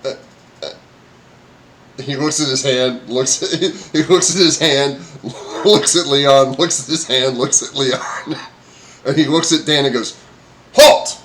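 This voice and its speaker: A man's voice: medium pitch, measured pace, fairly bright tone. A man narrating a tabletop game as game master, hesitant with many fillers and frequent laughs.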